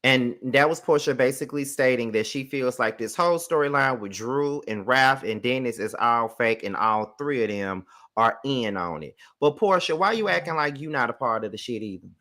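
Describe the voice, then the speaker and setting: A man's voice: mid-range voice, lively intonation, normal speed, pushed and bright. A man hosting a commentary channel, reacting to a clip in a skeptical, slangy, conversational way. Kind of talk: casual commentary.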